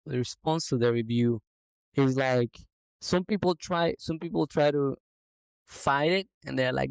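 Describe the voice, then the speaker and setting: A man who owns a business, telling a story in a lively, casual way on a podcast. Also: mid-range voice, unhurried, gravelly, smooth, no room sound, low-quality recording. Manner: animated anecdote telling. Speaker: business owner.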